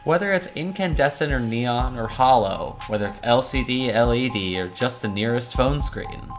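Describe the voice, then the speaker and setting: A woman's voice: extremely low pitch, lively intonation, normal speed. Woman reading out a tired cynical defense lawyer, dry noir monologue, music faint underneath. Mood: brooding. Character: weary cynical criminal defense attorney narrator. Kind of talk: visual novel read-aloud.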